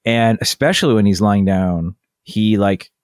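A man in his thirties, co-hosting a casual podcast, speaking in a relaxed, fond way. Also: lowish voice, a little slow, no echo, studio quality. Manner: relaxed, fond, with frequent fillers and restarts. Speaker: podcast co-host. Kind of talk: casual chat.

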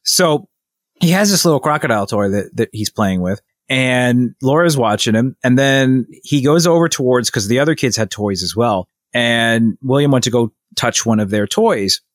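A man's voice: mid-range voice, normal speed, no room sound. Man telling a rambling story, dry sound. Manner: rambling, animated retelling with many restarts and quoted voices. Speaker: podcast co-host. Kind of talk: casual storytelling chat.

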